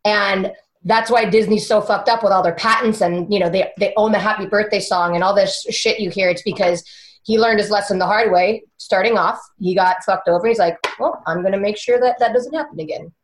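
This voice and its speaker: Chatty host, woman, animated storyteller who swears freely; roomy room sound. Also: mid-range voice, a little fast, slight background noise. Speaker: podcast host telling a story. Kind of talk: casual storytelling chat. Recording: roomy echo.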